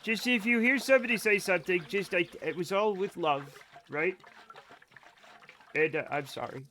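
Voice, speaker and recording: A man streaming a game live, chatting casually to his viewers in a rambling, self-mocking way with sudden excited outbursts. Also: high-pitched, moderate pace, a little hiss or hum. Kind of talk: casual gameplay commentary to chat.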